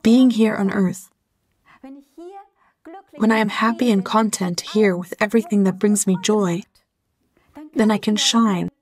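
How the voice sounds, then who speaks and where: A middle-aged woman from Germany answers interview questions in a calm, reflective way. She speaks in short, heartfelt phrases at a mid-range pitch for a woman, unhurried and gentle. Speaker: interview guest.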